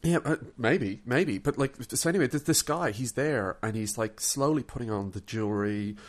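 An Australian-accented man co-hosts a podcast, telling a rambling story in a casual chat and acting out the people he quotes. He repeats his words often, speaking at normal speed in a mid-range voice.

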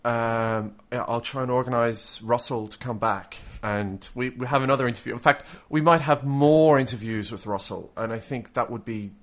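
A man's voice: mid-range voice, normal speed, hardly any pauses, a bit bright. Joking, stammering Australian man. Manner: jokey, stammering restarts. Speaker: podcast co-host. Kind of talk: casual chat.

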